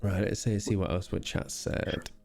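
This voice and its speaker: A man's voice: fairly low pitch, level tone, normal speed, gravelly, music in the background. A man streaming a game, chatting casually with swearing and mock outrage. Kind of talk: casual live-stream chat while gaming.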